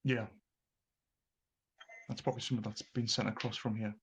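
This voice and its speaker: A guest on a live-streamed seance, calmly explaining a distance experiment with spirits. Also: mid-range voice, moderate pace, husky.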